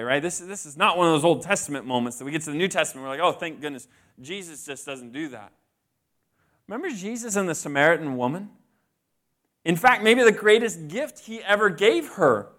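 A man with a slightly high, fairly bright voice preaches a sermon conversationally, frequently putting questions to the congregation.

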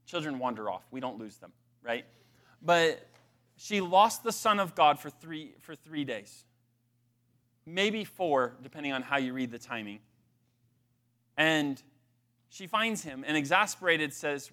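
Male pastor, sermon, high voice, bright tone, conversational, emphatic, restarts. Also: lively intonation, measured pace, pauses often.

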